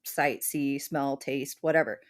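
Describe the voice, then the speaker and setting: A woman's voice: very deep voice, steady tone, unhurried. A woman co-hosting a podcast, telling a long story in casual chat with lots of "like" fillers. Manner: rambling storyteller, many "like" fillers. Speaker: podcast co-host.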